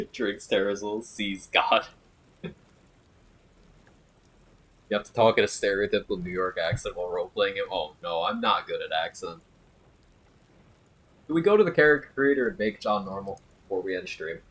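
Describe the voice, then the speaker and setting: A man's voice: low-pitched, normal speed, pauses often, fairly bright tone, husky, low-quality recording. A man streaming a game, chatting casually and joking while reading viewer comments aloud. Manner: jokey, riffing and reading chat aloud. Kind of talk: casual chat with live chat.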